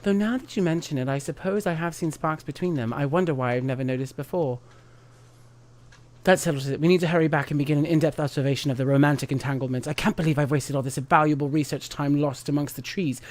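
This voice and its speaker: A man's voice: a little high, quick pace, a little mellow, natural voice. A man reading aloud the lines of an earnest young woman scholar in a game, stumbling over names now and then. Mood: eager.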